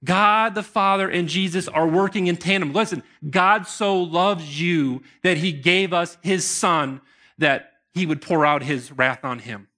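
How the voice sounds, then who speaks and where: A man's voice: high voice, a little slow. A man preaching a sermon to his congregation in an earnest manner. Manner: earnest preaching, bursts into excited shouts. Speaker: pastor.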